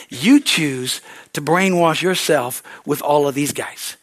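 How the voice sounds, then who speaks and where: A man preaching a sermon as pastor, building into excited shouts of praise with many hallelujahs. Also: on the high side, a little slow.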